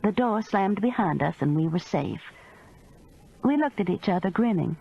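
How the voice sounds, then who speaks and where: A woman narrating a first-person mystery audiobook in an expressive, measured storytelling manner. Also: mid-range voice, gravelly, breathy edge, dull audio.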